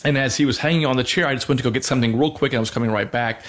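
A man's voice: medium pitch, very fast. A man in his thirties co-hosting a Christian talk show, teaching in an earnest, conversational way with many fillers and restarts.

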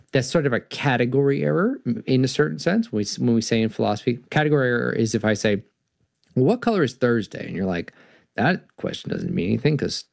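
Animated, gravelly-voiced male host. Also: mid-range voice, no echo, studio quality. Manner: animated, reads stories aloud, explains. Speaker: podcast host. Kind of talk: storytelling and philosophy talk.

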